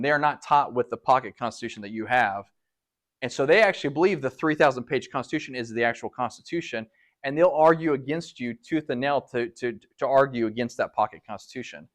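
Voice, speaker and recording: Man, fairly high pitch, animated, lecturing a live audience, rhetorical questions. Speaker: speaker at a public talk.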